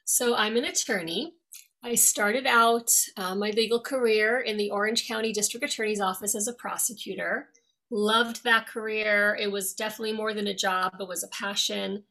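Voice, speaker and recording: A middle-aged woman from New York with no regional accent, a lawyer speaking as a guest in an interview in an articulate, friendly, measured way. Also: mid-range voice, fairly even intonation, bright, forceful tone. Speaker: guest, attorney. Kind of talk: interview conversation.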